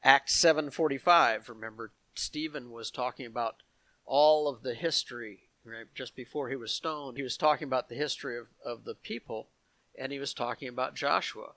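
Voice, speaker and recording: A man's voice: mid-range voice, moderate pace, fairly bright tone, dry recording. Man giving a Bible teaching, dry sound. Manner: explanatory, reads passages aloud with asides to the congregation.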